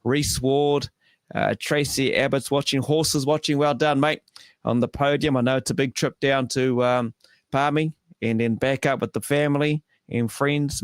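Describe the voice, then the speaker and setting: A New man co-hosts a casual live stream and works through a list of shout-outs to viewers. His voice sits at a middle pitch, recorded dry and close to the mic. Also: dry recording. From New Zealand. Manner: reads out viewer shout-outs in a steady, friendly run. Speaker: co-host.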